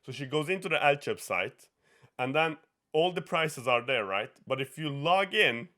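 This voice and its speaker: Bright Norwegian-accented young guy telling a story. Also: on the high side, a little slow. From Norway. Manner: animated storyteller who swears a lot, laughs often and acts out quotes. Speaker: podcast host. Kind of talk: casual chat, storytelling.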